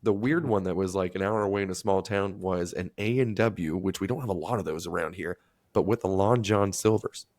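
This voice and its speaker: A married man co-hosting a podcast, chatting casually and telling animated, profane stories with acted-out quotes. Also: deep voice, a little fast. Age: adult, married. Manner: animated storyteller, swears freely, acts out quotes. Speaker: podcast co-host.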